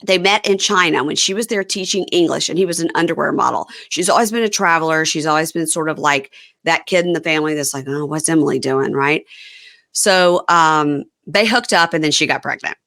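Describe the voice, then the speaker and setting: A woman's voice: deep voice, fairly quick, fairly bright tone. A woman hosting a podcast, chatting casually and rambling through a recap with frequent laughs. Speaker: podcast host.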